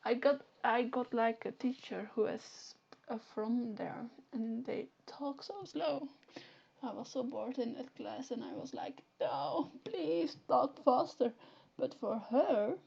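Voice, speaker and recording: A young Flemish-accented woman rambles through a live stream in a chatty, animated way, often restarting her sentences. Her voice is mellow and gravelly, and she talks slowly with a slightly high pitch. The audio is dull and lo-fi. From Flanders, Belgium. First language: Dutch (Flemish). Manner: chatty, animated, self-correcting. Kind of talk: casual live-stream chat.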